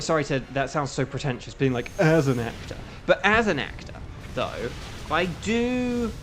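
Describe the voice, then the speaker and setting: Male streamer and voice actor, casual rambling chat over gameplay, medium pitch, faint game music behind. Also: fairly bright tone. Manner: rambling, filler-heavy, self-aware.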